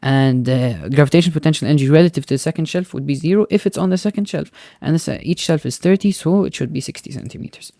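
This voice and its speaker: A man's voice: a little high, quick pace, vocal fry, hardly any pauses, dark tone, no echo, studio quality. A male physics teacher walking through a recorded tutoring lesson step by step, often checking in with "right?" and "okay?" and slipping in Arabic words.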